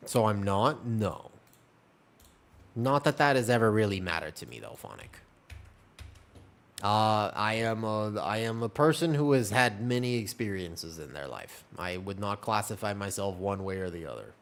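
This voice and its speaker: A man's voice: lowish voice, animated, moderate pace. A man streaming and chatting casually, answering his chat in a rambling, talkative way. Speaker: game streamer.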